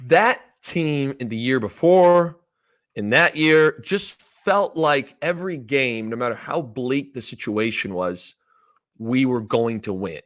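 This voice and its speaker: A mid-pitched man in his thirties from Canada hosts a casual sports podcast. He tells stories in an animated way, jumping into quoted lines and swearing casually. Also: slow. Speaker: podcast host, former player.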